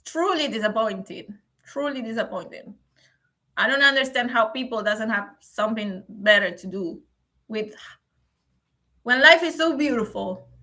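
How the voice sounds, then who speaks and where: A woman on a casual live stream, answering comments, emotional and close to tears, speaking in a measured way and often asking "okay?". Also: a little high, bright, forceful tone. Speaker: livestream host.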